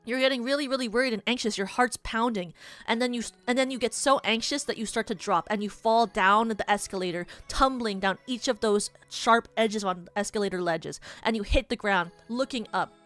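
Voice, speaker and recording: A woman's voice: on the high side, brisk, fairly bright tone, faint music behind. A woman VTuber streamer chatting casually, spinning rambling hypotheticals with lots of "like" and frequent giggles. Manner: giggly, rambling, heavy use of "like".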